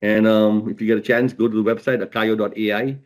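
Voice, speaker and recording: A man's voice: on the low side, flat delivery, brisk, a little mellow. A middle-aged man giving a motivational keynote talk, stressing points by repeating key words. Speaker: keynote speaker.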